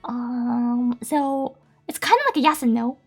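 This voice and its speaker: A woman's voice: on the high side, steady tone, measured pace, a little mellow, breathy edge, faint music behind. A woman from Japan, a native Japanese speaker with a Japanese accent, chatting casually on a live stream and reading out viewer messages in a giggly, cutesy way.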